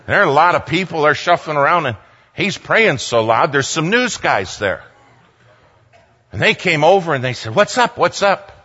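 A man telling a humorous personal story in an animated way, acting out the people in it. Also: fairly high pitch, normal speed, slightly rough, muffled recording. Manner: animated, acts out quoted voices, repeats himself.

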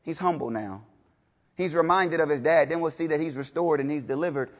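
A man preaches to a congregation at a fairly quick pace, repeating his points emphatically. His sermon alternates between loud declarations and low, intense passages and includes rhetorical questions.

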